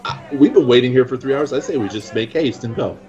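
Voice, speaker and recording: A man's voice: mid-range voice, expressive, fast talker, a little mellow, highs cut off, soft background music. A man playing a tabletop game, easygoing and slipping into character. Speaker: player. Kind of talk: tabletop role-play.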